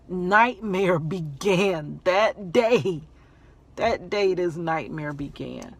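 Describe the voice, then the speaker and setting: A woman vlogger telling a personal story in a casual storytime way, animated, laughing often and repeating phrases for emphasis. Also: fairly low pitch, slow pace.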